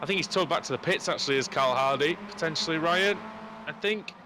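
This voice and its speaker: A high-pitched man calls a sim race as lead commentator, jumping in excitedly whenever cars collide. A steady hiss of noise runs beneath his voice. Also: fast talker. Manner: excitable, rising sharply at incidents.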